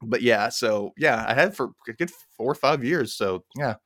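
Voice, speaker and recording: A man's voice: mid-range voice, expressive, moderate pace, a bit bright, dry recording, clean studio sound. A man hosting a podcast, recapping a TV episode in casual chat, laughing often and mimicking the characters in silly voices. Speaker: podcast host.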